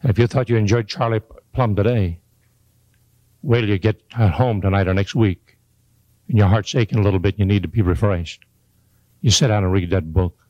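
A man's voice: on the low side, a little fast, long pauses, warm tone, dry recording, highs cut off. An older man giving a motivational speech to a live audience, folksy and joking, with emphatic repeated lines. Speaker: motivational speaker.

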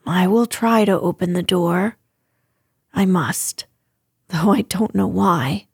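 A woman reading a brooding gentleman of the manor. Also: fairly low pitch, slow, gravelly, husky, no room sound, studio quality, full character voice. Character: anxious gentleman, master of the manor.

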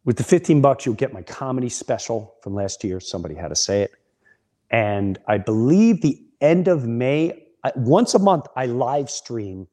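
A man's voice: mid-range voice, dark tone. A middle-aged man, a comedian hosting a podcast, telling a story in a casual, rambling way with frequent restarts.

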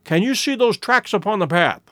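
A man voicing an eager, sharp male detective who makes brisk, emphatic deductions in an audiobook reading. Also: sits high, lively intonation, no room sound, studio quality, voice pushed up. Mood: excited, insistent.

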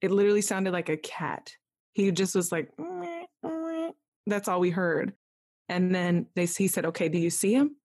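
Young woman telling her story on a podcast, kinda low voice, acts out the quotes. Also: normal speed, a little mellow. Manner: candid, vivid retelling with quoted dialogue. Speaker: podcast guest. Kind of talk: personal storytelling in a podcast interview.

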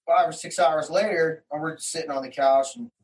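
A man's voice: on the high side, steady tone, normal speed. A man telling a personal story in an interview, in rambling, slangy, heated talk full of quoted exchanges. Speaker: interview guest. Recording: voice somewhat distant from the mic.

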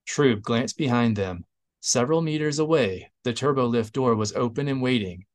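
A man narrating an audiobook in a steady, even reading voice. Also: mid-range voice, moderate pace. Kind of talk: scripted narration.

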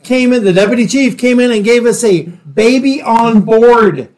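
A high-voiced man who once served as a police sergeant tells stories from the job in loose conversation. He laughs often and acts out what others said as he goes. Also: normal speed, roomy sound, far from the mic. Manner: animated, laughing storyteller acting out quotes. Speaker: retired police sergeant, podcast co-host. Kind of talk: casual storytelling chat.

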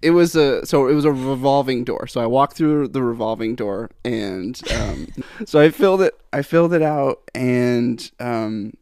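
A man's voice: medium pitch, unhurried, darkish tone, smooth, no room sound, studio quality. A young man, a guest singer-songwriter, telling a story in casual chat, rambling and restarting, often laughing. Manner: rambling, self-interrupting, laughs through stories.

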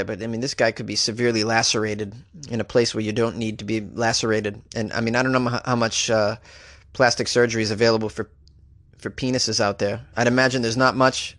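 A man's voice: steady tone, fairly quick, fairly bright tone, no room sound. Male podcast host, comedian, mid-range voice, wry riffing delivery, dry close mic. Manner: wry, joking asides with sudden pitch jumps. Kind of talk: comedic news commentary.

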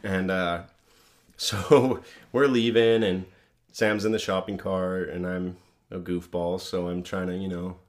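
A man's voice: deep voice, level tone, slow pace. A middle-aged man co-hosting a podcast, chatting casually and laughing through his stories. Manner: laid-back, laughs while telling stories. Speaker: podcast co-host. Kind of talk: casual chat.

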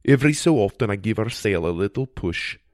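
A man voicing a gruff male fairy mentor who talks low and quiet with dry teasing. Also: lively intonation, brisk, no echo, lightly acted. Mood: patient.

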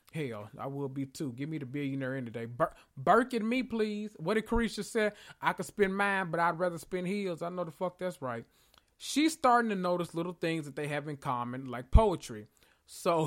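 A man casually recapping a TV episode, sassy and profane, telling it like gossip. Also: on the high side. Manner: sassy, profane, animated storytelling with slang.

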